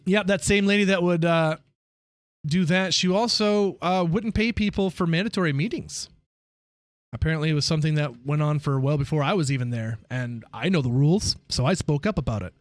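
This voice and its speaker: A man streaming live, telling stories in a casual, profane, animated way. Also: a little high, a little fast, dry recording.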